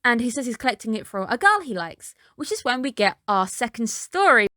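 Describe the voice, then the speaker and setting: A woman's voice: on the high side, sing-song, fairly quick, sharp tone, no echo, studio quality. A woman reviewing an anime episode in a casual recap, chatty and dropping skeptical asides.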